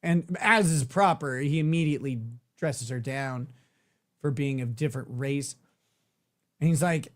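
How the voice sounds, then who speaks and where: A man's voice: mid-range voice, unhurried, pauses often. A man hosting a livestream, chatting casually, joking and swearing irreverently. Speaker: host.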